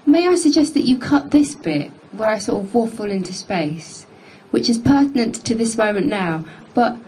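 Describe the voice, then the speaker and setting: A woman's voice: medium pitch, a little mellow, a little hiss or hum, poor audio. A woman in her thirties hosting a casual studio live stream, chatting in a rambling, self-mocking way. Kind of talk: casual chat. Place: music studio.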